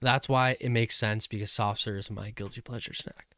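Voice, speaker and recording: A man's voice: fairly low pitch, steady tone, moderate pace, pushed and bright, no echo, studio quality. A young man co-hosting a casual podcast, rambling through a story, laughing often and yelping the punchlines. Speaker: podcast co-host. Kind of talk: casual chat.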